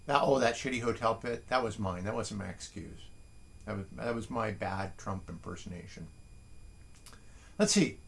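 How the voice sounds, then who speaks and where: A man hosting a casual morning livestream, reading listeners' haiku slowly and adding wry, chatty asides from his desk at home. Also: lowish voice, vocal fry, fairly bright tone. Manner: chatty and wry, reads poems slowly and deliberately.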